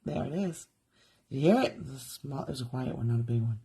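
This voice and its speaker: A woman's voice: very deep voice, animated, fast talker, dark tone, slightly rough. A woman doing a live craft demonstration from her studio, chatting and thinking aloud as she works. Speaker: jewelry artist demonstrating live. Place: home art studio.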